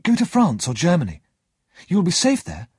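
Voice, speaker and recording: Eager young friend, bouncy and earnest, raspy edge, a guy voicing him. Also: on the high side, wildly swooping pitch, brisk, a little mellow, no room sound, clean studio sound, voice pushed up, heavily acted. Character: cheerful young male friend, warm and earnest.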